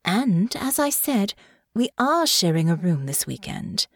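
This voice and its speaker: A woman's voice: mid-range voice, very animated, a little slow, slightly rough, no room sound, heavily acted. A woman voicing a cold, calculating young noblewoman who speaks in a detached, matter-of-fact way.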